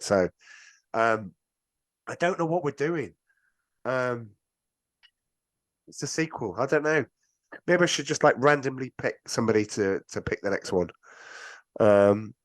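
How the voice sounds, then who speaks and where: A man's voice: mid-range voice, no room sound. A British man hosting a podcast, chatting casually and teasing his guest with joking banter. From Britain. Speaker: podcast host.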